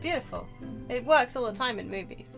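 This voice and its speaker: A woman's voice: a little high, animated, brisk, creaky. A woman streamer chatting casually and making goofy, playful jokes while playing a game. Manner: playful, jokey, goofy asides. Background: game music.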